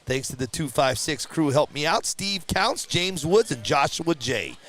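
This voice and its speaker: A man hosting a live stream who calls the races in a chatty, easygoing way and shouts with excitement at a surprise win. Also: on the high side, unhurried. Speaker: race announcer and livestream host. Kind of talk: casual live race commentary. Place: at a drag racing event.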